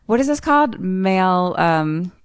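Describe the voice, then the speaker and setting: Smooth-voiced woman retelling a film. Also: on the low side, unhurried, no echo, studio quality. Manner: animated storyteller acting out characters, swears freely. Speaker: podcast co-host. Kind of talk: casual chat, retelling a film.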